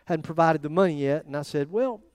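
A man preaching a sermon as pastor, telling his own story with animated swings between loud and hushed delivery. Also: on the high side, brisk, clear, resonant tone, dry recording. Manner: animated storytelling, voice rising and dropping to near quiet.

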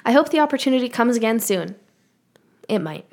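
A woman's voice: a little high, expressive, a little fast. Woman co-host reading fan mail aloud. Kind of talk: casual chat, reading emails aloud.

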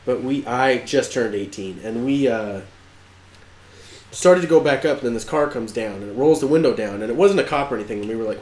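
A man's voice: mid-range voice, brisk, darkish tone. A young man telling a long story in casual chat, swearing and quoting his friends as he goes. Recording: echoey room, faint noise.

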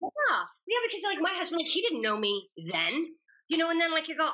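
A middle-aged woman, a guest actress chatting in an interview, telling stories and acting out quoted lines with lively energy. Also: very high voice, brisk. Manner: animated storyteller acting out quotes. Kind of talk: casual interview chat.

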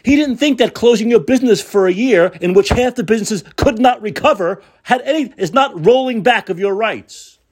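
Ranting, husky-voiced male talk host. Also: sits high, expressive, normal speed, few pauses. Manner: ranting, sarcastic, profane. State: angry. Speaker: political talk show host. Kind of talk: angry political monologue.

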